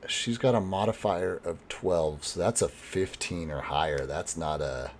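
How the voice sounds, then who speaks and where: A man running a tabletop role-playing game as game master, explaining rules in a relaxed way with fillers. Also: low voice, measured pace, slight background noise.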